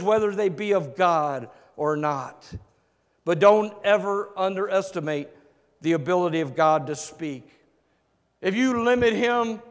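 A man preaching a sermon, shifting between loud emphatic lines and hushed low ones. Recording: long reverb of a large hall.

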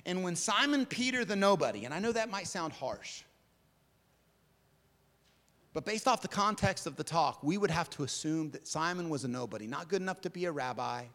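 Guy preaching a sermon, fairly high voice, dramatic, gets loud then goes hushed, long hall echo. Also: expressive, normal speed. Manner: dramatic, shifting from emphatic to hushed.

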